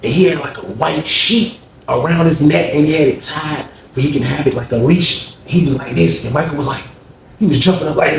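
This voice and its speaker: A man's voice: a little high, fast talker, a little hiss or hum. Slangy man telling a story, echoey room. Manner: slangy, repeats "you know what I mean". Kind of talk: casual storytelling.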